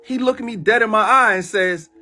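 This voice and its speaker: A man's voice: sits high, normal speed, faint music behind. A man casually telling a story into his phone in profane street slang, acting out what everyone said. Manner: animated, profane street slang, retells a dream with voiced quotes.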